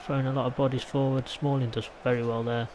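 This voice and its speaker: A man's voice: mid-range voice, flat delivery, fast talker, darkish tone, slight background noise, rough recording. A man from England chatting casually as he commentates his own football video game play, rambling into side remarks. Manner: chatty, rambling, mild asides. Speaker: gaming YouTuber.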